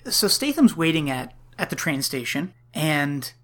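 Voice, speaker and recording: A man's voice: on the high side, very animated, unhurried, sharp tone. A man co-hosting a podcast, recapping a film's plot in casual chat, laughing often and hedging with lots of likes. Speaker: podcast co-host. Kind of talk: casual movie-review chat.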